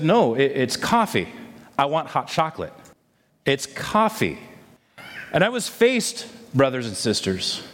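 A man's voice: medium pitch, in a large hall. A man preaching a sermon as a pastor, reading scripture and then telling a story in an earnest, emotional way with stammered restarts. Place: church sanctuary.

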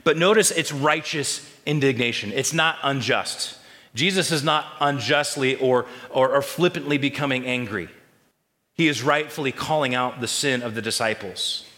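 Male pastor, mid-pitched and bright, preaching with call-and-response in a big echoing sanctuary. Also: normal speed. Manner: call-and-response questions to the congregation. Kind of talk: sermon. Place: church sanctuary.

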